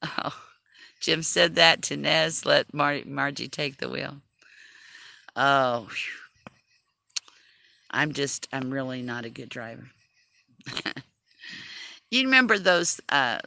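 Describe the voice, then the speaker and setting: A woman's voice: very deep voice, creaky, pushed and bright, no room sound. A woman chatting casually on a livestream, self-deprecating and laughing often as she talks. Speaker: livestream host.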